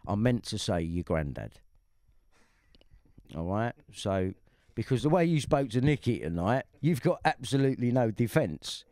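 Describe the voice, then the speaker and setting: A man's voice: mid-range voice, sing-song, normal speed, dark tone, no echo, clean studio sound. A man ranting angrily at an online critic, confrontational and profane, circling back to the same points. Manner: confrontational, profane, repeats himself. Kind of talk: angry online rant.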